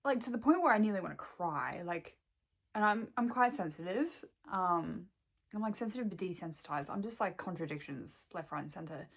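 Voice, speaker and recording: A woman's voice: on the low side, expressive, brisk, breathy edge. A young woman and shop worker venting to her camera at home, swearing heavily and rambling, close to tears. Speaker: vlogger and shop employee.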